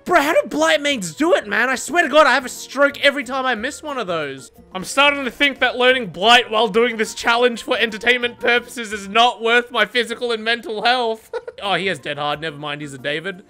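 A woman giving excitable gameplay commentary, swearing, laughing often and mocking herself. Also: on the high side, a little fast, soft background music. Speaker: gaming content creator.

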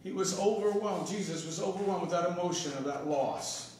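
A man preaching a sermon as pastor, swinging between hushed, tender passages and emphatic, rising points. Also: high voice, brisk. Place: church sanctuary. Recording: echoey church hall from far off.

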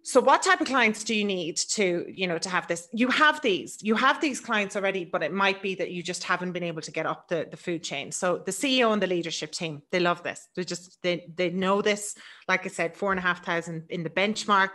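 A middle-aged woman with an Irish accent giving a quick, chatty business webinar presentation. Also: on the low side, sharp tone. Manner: fast, chatty, laughs easily.

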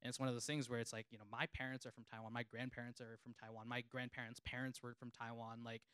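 A man's voice: medium pitch, level tone, fast, pushed and bright, clear, resonant tone, dry recording. A man who works as a reporter, speaking on a panel in an earnest, rambling way that is full of fillers. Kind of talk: panel discussion.

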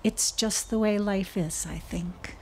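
Woman voicing a calm storybook snail, quiet, gentle, soft, slow. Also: mid-range voice.

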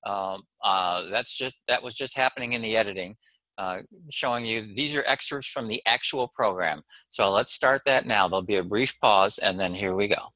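A man's voice: lowish voice, moderate pace, bright, forceful tone, no echo, rough recording. A man lecturing to camera as a golf mental-game coach, emphatic and friendly, hammering points home in short repeated phrases and often checking in with "okay?". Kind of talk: recorded course lecture to camera.

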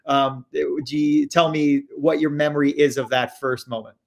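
A man's voice: a little high, steady tone, normal speed, gravelly. A man hosting a casual video interview, effusive and eager in his reactions. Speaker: host.

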